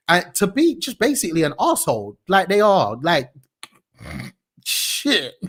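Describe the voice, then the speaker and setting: A young man hosting a news show in a casual, slangy and indignant way, with big swings in pitch. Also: fairly bright tone. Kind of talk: casual, energetic news commentary.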